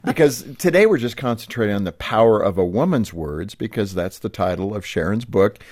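A man's voice: lowish voice, lively intonation, a little fast, darkish tone, no echo, clean studio sound. A man hosting a radio interview, friendly with chuckling asides. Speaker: radio show host. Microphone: studio mic.

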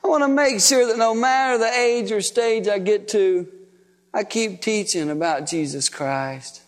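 A man preaching, telling a personal story in a folksy, emotional, animated way. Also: high voice, measured pace. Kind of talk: sermon storytelling. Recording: long hall reverb.

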